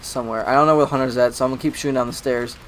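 A man with a sore throat, playing a video game with a friend and joking, yelling when startled. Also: medium pitch, fairly even intonation, racing. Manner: joking, shouts in panic. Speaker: gamer. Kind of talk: casual gameplay chat.

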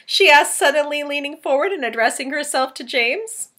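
Brief: lively, bright-voiced female teacher reading aloud to kids. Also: high-pitched, moderate pace. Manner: animated, asks children questions. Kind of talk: storybook read-aloud for children.

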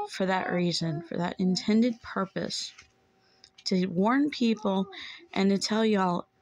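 Lady urging folks to get saved, near tears, kinda fry-ish voice, talking into her phone. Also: mid-range voice, slight background noise, low-quality recording. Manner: pleading, earnest, repeats herself. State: holding back tears. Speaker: self-described watchwoman. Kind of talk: urgent religious warning to camera.

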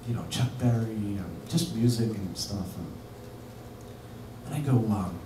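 A man's voice: lowish voice, lively intonation, measured pace. A man telling a rambling, laughing anecdote on stage at a bar venue, full of fillers and restarts. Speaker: musician telling a story on stage. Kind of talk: live anecdote. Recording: echoey live room from far off with noise.

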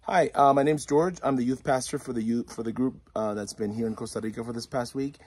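Man, youth pastor, slightly husky, calm and earnest prayer request. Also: mid-range voice, fast. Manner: earnest, reassuring, faith-focused. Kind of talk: casual spoken prayer request.

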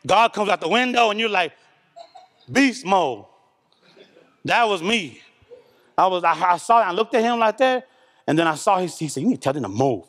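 High-voiced man preaching in an echoing hall. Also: moderate pace, pauses often. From Oklahoma. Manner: animated, colloquial storytelling with shifts between loud and hushed. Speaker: pastor. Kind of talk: sermon. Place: church sanctuary.

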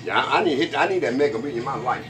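A man's voice: mid-range voice, lively intonation, very fast, music in the background. A man hosting a street comedy show, boisterous and profane, laughing at his own jokes outside a convenience store. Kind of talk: loose street comedy banter.

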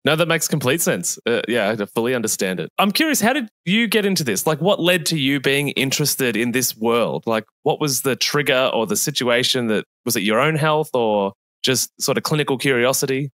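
A man's voice: mid-range voice, lively intonation, fairly quick, few pauses, fairly bright tone, dry recording, studio quality. A man hosting a podcast, who gives short agreeing replies and asks curious questions. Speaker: podcast host. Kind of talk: casual podcast interview.

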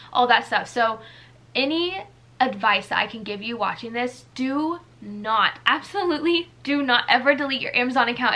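Bright-voiced young woman chatting a haul. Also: on the high side. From United States. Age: 20s. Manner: chatty, gushing, rambling with fillers. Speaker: vlogger. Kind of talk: casual haul chat.

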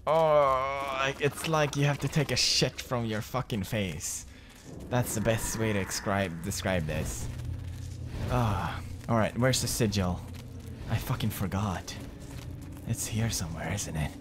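A man's voice: on the low side, measured pace, background noise. A young man in his twenties giving jumpy, swearing commentary while playing a horror game. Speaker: gamer commentator.

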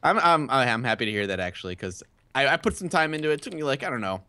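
A man co-hosting a let's play, talking in an easygoing, chatty way with quick laughs. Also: mid-range voice, very animated, sharp tone, smooth. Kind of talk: casual gaming chat.

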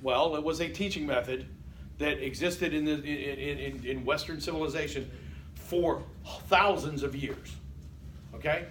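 A man's voice: on the high side, measured pace, fairly bright tone. An older man lecturing a college class in a conversational way, often checking in with "Okay?" and quizzing the students. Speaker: college instructor. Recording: echoey classroom from far off, faint hiss.

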